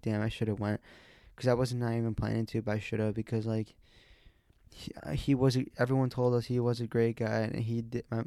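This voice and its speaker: A young man hosts his own podcast, talking in a rambling, unscripted way with constant restarts and casual swearing. His voice has a gravelly, mellow tone. The recording is dry and close. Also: mid-range voice, no room sound. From USA. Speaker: podcast host.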